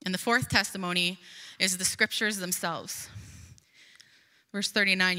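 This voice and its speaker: A woman's voice: medium pitch, fairly even intonation, measured pace, long pauses, bright, forceful tone. A woman preaching a sermon, earnest and emphatic, reading scripture aloud and explaining it. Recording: long hall reverb.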